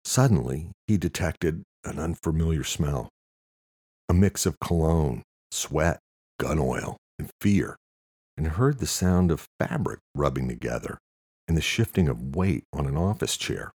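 A man reading a thriller audiobook in an expressive narration style. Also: very deep voice, unhurried, husky, dry recording, clean studio sound. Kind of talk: scripted narration.

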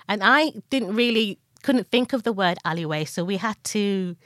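A woman's voice: mid-range voice, expressive, moderate pace, few pauses, a bit bright, no room sound, studio quality. A young woman with a northern English accent chatting casually as a podcast co-host, laughing often and acting out little exchanges. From northern England. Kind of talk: casual chat.

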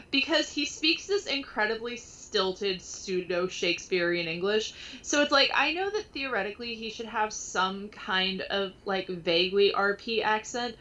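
A woman's voice: medium pitch, a bit bright, lo-fi sound. A young woman co-hosting a casual podcast, rambling with many restarts, laughing often and swearing freely. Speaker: podcast co-host.

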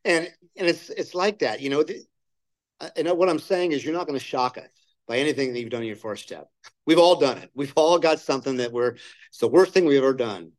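A man's voice: medium pitch, fairly quick, rough recording. Man telling his recovery story. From Southern California. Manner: candid storytelling, acts out quoted dialogue. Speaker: main speaker at a recovery meeting. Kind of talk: personal recovery story shared at a meeting. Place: meeting room.

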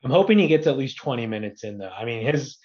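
A man's voice: medium pitch, fast talker. Man chatting sports on a muffled line. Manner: relaxed, joking banter. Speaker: podcast guest. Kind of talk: casual sports chat.

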